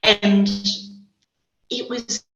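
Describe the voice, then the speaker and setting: An older New Zealand woman with a bright, forceful tone talks gently and reflectively. Her voice comes over a video call that sounds muffled and echoey. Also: medium pitch, flat delivery, drawn-out words, a little hiss or hum. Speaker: guest spiritual teacher. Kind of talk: casual conversation.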